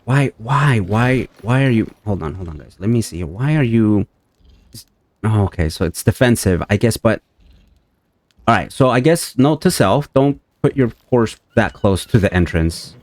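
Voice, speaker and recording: A man's voice: lively intonation, normal speed, darkish tone, no room sound. A man casually commenting on his own survival game as he plays, talking to viewers and yelping in alarm when things go wrong. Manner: chatty, talks to viewers, jumps to high-pitched panic when things go wrong. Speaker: let's play gamer.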